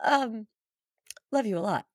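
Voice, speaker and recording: A woman's voice: on the high side, lively intonation, measured pace, no echo. A woman co-hosting a podcast, giggly and playful, telling stories. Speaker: podcast co-host. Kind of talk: casual chat.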